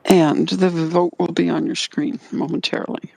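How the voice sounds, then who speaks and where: A woman chairs a committee meeting, calling items and speakers in brisk procedural language. Her voice has a middle pitch, and the sound is dry and close with no room echo. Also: level tone, creaky, darkish tone, slightly rough.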